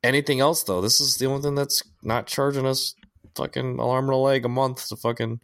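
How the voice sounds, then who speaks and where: A man's voice: mid-range voice, steady tone, a little fast, fairly bright tone, dry recording, studio quality. A man co-hosting a podcast in casual chat, rambling and swearing freely, often restarting his sentences. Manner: rambling, profane, restarts a lot. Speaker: podcast co-host.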